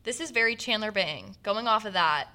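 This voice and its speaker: A young woman co-hosting a podcast, bubbly and excitable in casual chat. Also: medium pitch, normal speed. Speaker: podcast co-host.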